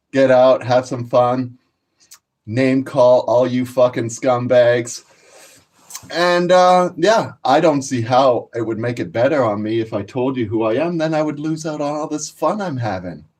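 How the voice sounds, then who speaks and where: A man's voice: medium pitch, measured pace, a little mellow. A man, telling stories casually on his vlog in a profane, boastful, laid-back way. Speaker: cannabis vlogger. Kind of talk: casual storytelling.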